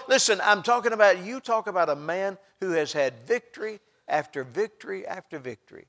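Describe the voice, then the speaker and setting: Fairly quick and barely pausing, a middle-aged preacher with a noticeably high voice delivers an expressive sermon. His passion rises to loud outbursts and then sinks into hushed asides.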